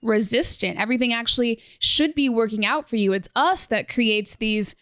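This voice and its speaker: A young woman hosting a podcast in casual conversation, lively and fond of acting out what others said to her. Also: on the high side, normal speed, dry recording, studio quality. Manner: animated, acts out quoted exchanges. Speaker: podcast host. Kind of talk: casual interview chat.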